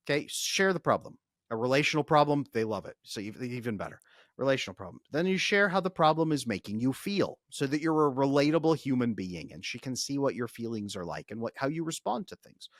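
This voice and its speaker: Energetic man coaching on a podcast. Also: medium pitch, fast, no room sound, clean studio sound. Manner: energetic, talks through ideas with frequent restarts. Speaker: podcast guest, relationship coach. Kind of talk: casual explanatory podcast talk.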